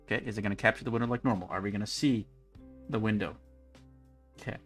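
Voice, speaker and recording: A man's voice: on the low side, fast, soft background music. A man casually rambling through live gameplay commentary, chatty and self-mocking, speaking into a desk mic with a pop filter. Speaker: game streamer.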